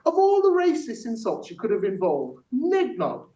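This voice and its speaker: Man, high voice, echoey. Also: wildly swooping pitch, normal speed, dark tone. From Yorkshire, England. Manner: rhythmic, punchy performance delivery. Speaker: workshop facilitator. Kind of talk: performing spoken word poetry. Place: theatre workshop room. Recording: echoey room from a distance, dull.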